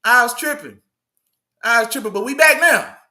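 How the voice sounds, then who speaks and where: A man hosts a casual live sports talk stream. He talks in loose slang, greets his chat and says things twice. His voice sits high for a man and sounds bright and forceful. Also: normal speed. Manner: slangy, hypes up the live chat, repeats himself. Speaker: sports show host.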